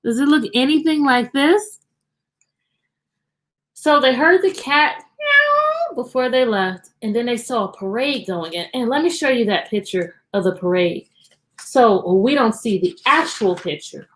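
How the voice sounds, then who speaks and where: A woman's voice: fairly high pitch, big pitch swings, a little slow, a bit bright. A woman teacher hosting a live-streamed storytime from her computer at home, cheerfully greeting children by name.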